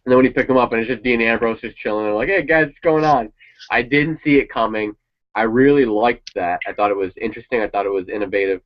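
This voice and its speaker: Reacting to a wrestling show, a fast-talking man with a fairly low voice rambles through opinionated casual chat, swearing now and then. The recording has a dull, lo-fi sound.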